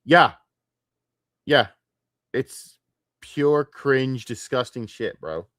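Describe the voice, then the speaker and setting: A man's voice: mid-range voice, animated, very slow, a bit bright, no echo, studio quality. A man streaming late at night, ranting with a lot of profanity and getting easily distracted.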